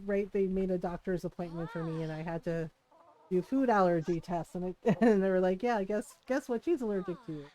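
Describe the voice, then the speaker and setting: A woman's voice: medium pitch, warm tone, poor audio. A woman streaming a farming game, chatting casually and telling stories while she plays, acting out quotes and laughing often. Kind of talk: casual chat while gaming.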